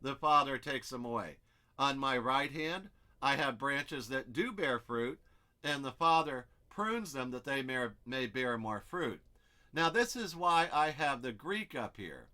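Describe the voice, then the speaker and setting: A man's voice: mid-range voice, animated, measured pace, bright, forceful tone. A man teaching an expository Bible study, explaining step by step and thinking aloud as he works through the text.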